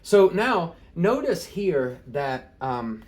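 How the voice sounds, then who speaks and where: Casual male tutor, talks it through with fillers and chuckles, lively intonation. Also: mid-range voice, unhurried. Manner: casual, thinking aloud with many fillers and small laughs. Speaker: Greek tutor. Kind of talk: informal screen-share lesson.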